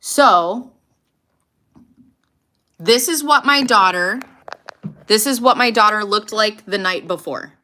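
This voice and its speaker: Bright-voiced woman telling a blunt story. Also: mid-range voice, slow, long pauses. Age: 30s. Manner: blunt, swears freely, animated retelling. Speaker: podcast host. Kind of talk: casual storytelling to a live audience.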